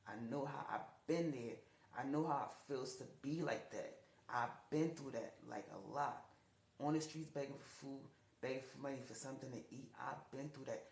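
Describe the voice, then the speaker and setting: A woman's voice: normal speed, a little mellow. Woman telling her life story to the camera, keeps repeating herself, gets emotional, room echo all around. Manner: repetitive, emotional, rising pitch when upset. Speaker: TikTok storyteller. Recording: echoey room.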